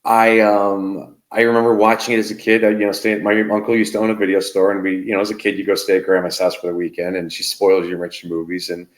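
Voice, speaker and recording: A male host chatting casually in a relaxed, easygoing way. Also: low voice, fast talker, few pauses, echoey room. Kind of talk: casual chat.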